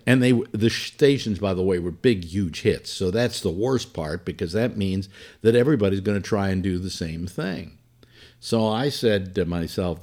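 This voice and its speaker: A man's voice: lowish voice, a little mellow. An older man, a former radio personality, telling rambling stories about his career in a casual monologue with lots of fillers and colorful asides. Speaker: former radio host reminiscing.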